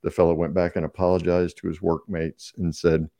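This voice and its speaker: A man in his sixties, a podcast guest who tells stories in a relaxed conversational way and laughs often. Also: low-pitched, fairly quick, no echo. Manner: warm storyteller, laughs often. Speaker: guest speaker.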